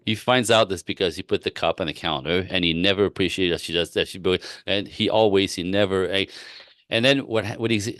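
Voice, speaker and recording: A man working as a relationship coach, giving advice in a live-stream Q&A with animated, rambling storytelling and frequent laughs. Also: fairly low pitch, no echo, clean studio sound.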